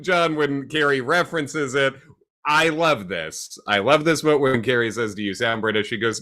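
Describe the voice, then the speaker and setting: Animated, excitable man co-hosting a livestream. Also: mid-range voice. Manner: excitable, playful, quick to joke. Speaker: podcast co-host. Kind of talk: casual recap chat on a livestream.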